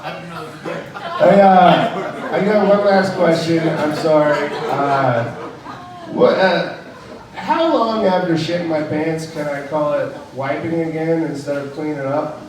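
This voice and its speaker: A man's voice: a little high, slow pace, crowd noise. A man doing a crude, rambling stand-up comedy set on a club stage, chuckling at his own jokes. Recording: very echoey room, from far off.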